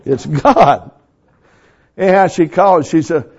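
Male preacher, slightly high, animated and folksy, laughs easily; dull recording. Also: slow, pauses often, slightly rough. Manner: folksy storytelling, excitable, laughs often. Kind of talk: sermon.

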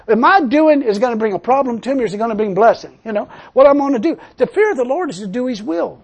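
A man's voice: very high voice, animated, quick pace, hardly any pauses. An older man preaching a sermon, telling a personal story and then building into emphatic preaching. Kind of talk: sermon testimony.

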